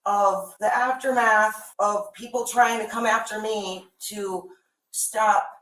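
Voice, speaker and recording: A woman's voice: mid-range voice, steady tone, takes it slowly. A woman in police custody talking anxiously and pleading with officers. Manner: anxious, pleading, shouts in protest. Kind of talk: distressed conversation with police. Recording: roomy bodycam audio.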